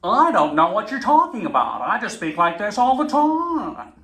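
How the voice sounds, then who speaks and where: A man's voice: sing-song, moderate pace, bright, forceful tone, full character voice. A man squealing as a hyper-peppy woman fitness instructor. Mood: over-the-top peppy. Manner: shrill, over-enunciated, maximum energy on every word. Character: relentlessly peppy female fitness instructor, full blast. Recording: echoey room.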